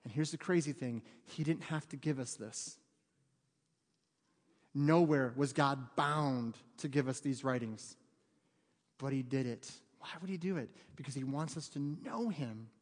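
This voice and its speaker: With a mid-range voice and a measured pace, a man in his thirties preaches a conversational sermon as pastor in a church sanctuary. Joking asides give way to fervent emphasis, and the church hall adds a long reverb.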